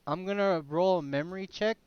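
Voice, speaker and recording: Smooth-voiced male player, dry lo-fi mic. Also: sits high, a little fast, no room sound. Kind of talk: tabletop role-play, in and out of character.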